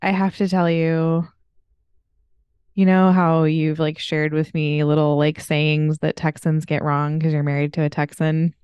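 A woman's voice: sits low, level tone, measured pace, darkish tone, smooth, no echo. A woman in her thirties hosting a podcast, telling stories in a casual, chatty way and laughing often. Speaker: podcast host. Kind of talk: casual chat.

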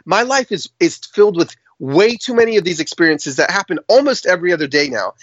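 A man's voice: high-pitched, brisk, no echo. A man guesting on a podcast, telling a story animatedly in a dull, dry, slightly lo-fi recording. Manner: animated, lots of fillers and restarts.

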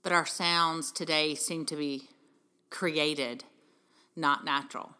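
Woman, middle-aged, parenting talk host, earnest, encouraging, rhetorical questions, bright lower voice. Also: fairly even intonation, takes it slowly, smooth. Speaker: podcast host and parenting speaker. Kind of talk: heartfelt motivational talk to mothers.

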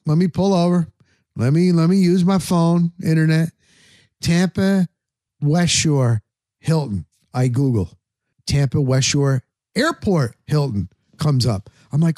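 A man's voice: fairly high pitch, measured pace, warm tone, no echo, studio quality. A middle-aged man hosting a sports talk show, telling a story casually and acting out his own thoughts in quotes. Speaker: sports radio and podcast host.

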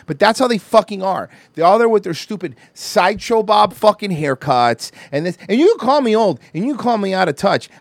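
A man's voice: high voice, no echo. A man hosting a podcast in casual chat, ranting and telling stories with heavy swearing. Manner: profane, ranting, animated storytelling. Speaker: podcast host.

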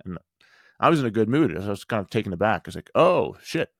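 A man in his thirties with a low voice hosts a motivational podcast. He tells a story and preaches its lessons earnestly, stacking rhetorical questions in a loose, conversational flow. The mic is close and dry. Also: lively intonation, very fast, a bit bright, dry recording. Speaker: podcast host and men's group coach.

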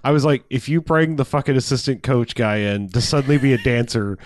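A man recaps a movie in loose, rambling chat, swearing freely and laughing through his own jokes. His voice sits at an ordinary middle pitch. It is recorded close and dry, with no room sound around it. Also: fairly quick, dry recording. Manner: rambling, profane, laughs often, acts out quotes.

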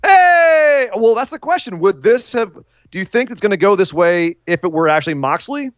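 A male podcast co-host chatting casually, joking and throwing in quick asides. His voice sits a little high. The recording is dry and a touch dull. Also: expressive, no room sound. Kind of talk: casual chat.

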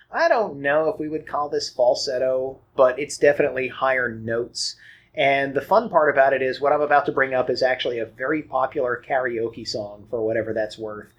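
A man's voice: medium pitch, slightly rough. A man co-hosting a music podcast, explaining songs in an easygoing, informative way and laughing often. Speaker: podcast co-host and producer. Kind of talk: casual music chat.

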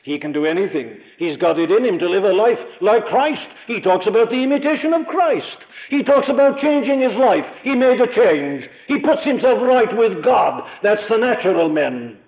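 Male preacher, fairly high voice, earnest and emphatic, direct address, narrow lo-fi tape sound. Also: lively intonation, moderate pace, hardly any pauses. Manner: earnest, emphatic, rising to impassioned peaks. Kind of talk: sermon.

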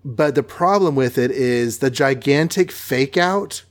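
A man's voice: medium pitch, a little slow. A man co-hosting a podcast in casual chat, talking with lots of ums. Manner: chatty, many ums, slips into acted voices. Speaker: podcast co-host.

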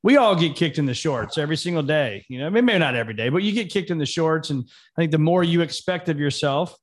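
A man hosting a casual interview, his voice sitting a little high. He talks emphatically and bluntly, pushing motivational points. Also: animated, quick pace.

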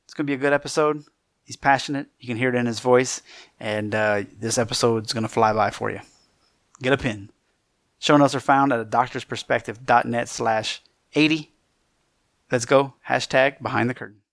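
A man's voice: mid-range voice, normal speed, vocal fry, a bit bright, dry recording, clean studio sound. A man with a faint Cajun American accent hosting a podcast interview, upbeat and chatty, laughing easily. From Louisiana, United States. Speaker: podcast host.

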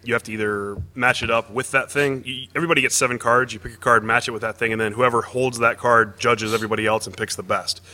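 A man's voice: medium pitch, steady tone, fast, hardly any pauses, bright, forceful tone. A man hosting a casual panel chat, upbeat and often laughing. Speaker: host. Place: convention booth panel.

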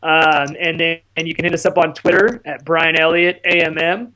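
A man's voice: fairly high pitch, fairly even intonation, moderate pace, pushed and bright. Laid-back male podcast guest. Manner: laid-back, easygoing, filler-heavy. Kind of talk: casual chat.

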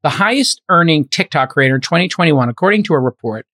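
A man's voice: on the high side, lively intonation, fast, bright, forceful tone, dry recording. A middle-aged man hosting a podcast, chatting casually and thinking aloud with plenty of fillers. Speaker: podcast host.

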